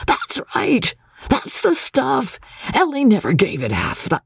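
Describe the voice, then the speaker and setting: A man voicing an excitable little showboat captain who gushes and exclaims. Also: extremely high pitch, moderate pace, gravelly, breathy edge, no room sound, voice pushed up, exaggerated voice. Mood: excited. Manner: gushing, exclaiming.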